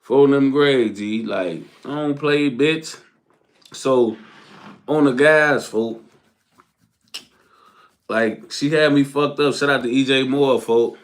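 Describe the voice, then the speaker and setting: A young man tells a casual storytime laced with profanity and street slang, laughing and acting out what people said with lots of animation. His pitch is medium, and he talks slowly with long pauses.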